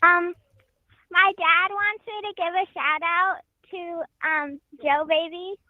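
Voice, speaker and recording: A child in fourth grade calling into a podcast by phone, giving shy, brief answers. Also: female voice, very high voice, steady tone, takes it slowly, no echo. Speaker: caller. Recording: tinny dry phone line.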